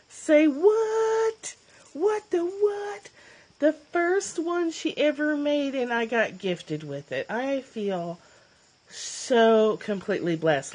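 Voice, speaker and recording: A woman hosting a casual livestream from her phone, emotional and choked up, gushing and laughing, often clearing her throat. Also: mid-range voice. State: teary, choked up. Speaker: livestream host, former therapist.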